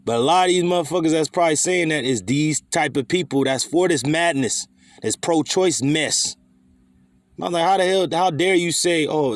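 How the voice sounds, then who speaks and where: A man's voice: fairly high pitch, dry recording, studio quality. A man teaching scripture in a fiery, scolding way, swearing freely and firing rhetorical questions. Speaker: preacher.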